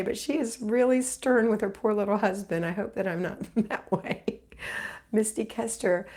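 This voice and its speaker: Gravelly-voiced woman hosting a livestream. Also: medium pitch. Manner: encouraging, motherly, reads comments aloud and answers warmly. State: recovering from illness. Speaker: homemaking livestream host. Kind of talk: live Q&A reading viewer comments.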